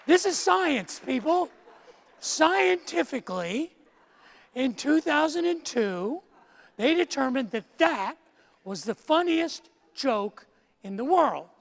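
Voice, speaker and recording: A man's voice: very high voice, sing-song, slow, vocal fry, some chatter behind. A male pastor preaching a sermon, telling jokes in a playful, self-mocking way in a large church sanctuary. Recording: long church-hall reverb.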